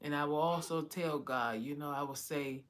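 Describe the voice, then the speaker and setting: A woman's voice: deep voice, steady tone, moderate pace. Woman, heartfelt testimony, casual storytelling. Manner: heartfelt, repeats "you know" often. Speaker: vlogger telling her story. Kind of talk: emotional personal testimony.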